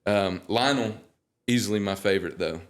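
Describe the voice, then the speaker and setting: Young man with a low voice telling jokey stories. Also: moderate pace. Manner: animated, joking storyteller. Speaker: guest singer. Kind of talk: casual interview chat.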